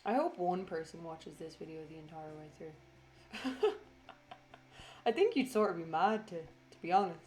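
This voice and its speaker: A tired woman rambles through a casual voiceover for her craft video. Her voice sits a little low. She swears freely and pokes fun at herself as she goes. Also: sing-song, normal speed, darkish tone, a little hiss or hum.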